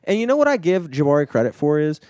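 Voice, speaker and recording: A man co-hosts a podcast in a studio, rambling through casual chat with plenty of swearing and filler words. His voice is a little high and sing-song, quick-paced with a darkish tone, in a clean studio recording with no room sound.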